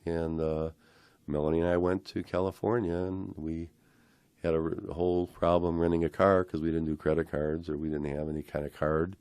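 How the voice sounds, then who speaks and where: An older man from the American Midwest, a interview guest telling a personal story with halting restarts and acted-out voices. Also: sits low, level tone, darkish tone, clear, resonant tone, no echo.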